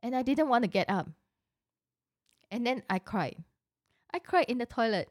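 A woman's voice: a little high, animated, normal speed, pauses often, dry recording, clean studio sound. A middle-aged woman telling a personal story in a casual, chatty way, full of rhetorical questions and asides.

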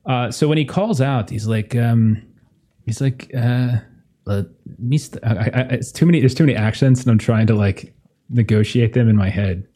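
Male GM, dark mellow voice, halting delivery full of fillers. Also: medium pitch. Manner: halting, many filler words and restarts. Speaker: game master. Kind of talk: narrating a tabletop horror game.

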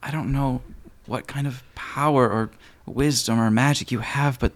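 A man's voice: medium pitch, steady tone, moderate pace, voice pushed up, lightly acted. A man voicing a scared, grateful teenage girl in a tabletop game. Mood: shaky, grateful.

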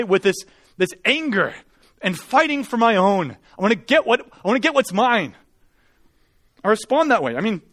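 Young pastor guy, high voice, animated storytelling sermon, pokes fun at himself. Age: young adult.

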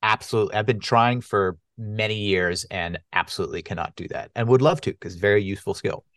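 A middle-aged man, a stage actor guesting on a podcast, talking thoughtfully in casual chat with hesitant pauses. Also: on the low side, no echo, studio quality. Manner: thoughtful, warm, with hesitant fillers.

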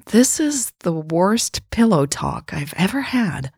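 A woman's voice: medium pitch, big pitch swings, slow pace, a little mellow, breathy edge, no room sound, voice pushed up, heavily acted. A woman reading a story voices a guarded, self-critical adult woman who speaks dryly and bluntly. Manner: dry, blunt delivery.

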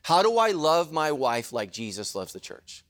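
A middle-aged man preaching a sermon as a pastor, animated and jokey, with quick asides to the congregation. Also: fairly high pitch.

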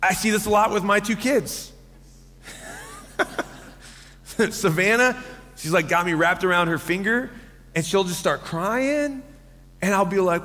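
A man in his thirties preaching a sermon as pastor, telling stories with lively acted-out quotes and laughter. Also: high voice, slow, pauses often, big-room sound, slight background noise.

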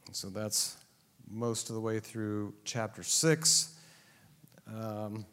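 A man's voice: on the low side, level tone, slow pace, a bit bright, clear, resonant tone. A man teaching a Bible class to a live audience, joking and teasing his listeners as he explains the text. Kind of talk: classroom lecture. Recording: long hall reverb.

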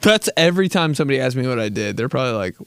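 A young man on his own podcast, riffing in a rambling, self-mocking, profane way, full of "like" and quick laughs. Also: mid-range voice, sing-song, fairly bright tone, clear, resonant tone, no echo. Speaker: podcast host. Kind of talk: casual comedic storytelling.

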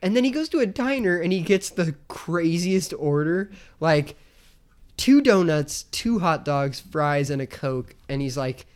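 A man's voice: a little high, expressive, a little slow. Man, podcast co-host, tipsy, rambling, swearing, laughing, casual movie chat. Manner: rambling, profane, laughing storyteller who mimics characters.

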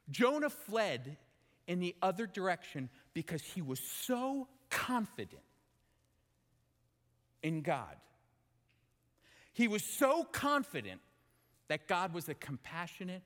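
A man preaching a sermon in an animated, emphatic way, often asking his listeners questions. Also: on the high side. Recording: long hall reverb.

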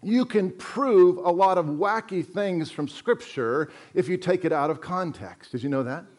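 A man delivers a sermon as a pastor, his voice pitched notably high for a man. He speaks earnestly and with emphasis, circling back over key phrases again and again to press them home. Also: unhurried, a little mellow.

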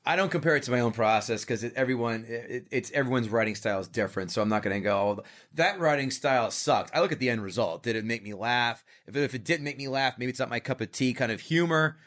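A man, a comedian guest on a podcast, chatting casually and telling stories with lively acted-out quotes. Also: medium pitch, quick pace, hardly any pauses. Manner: animated storyteller, acts out quoted voices. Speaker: comedian and show creator guest.

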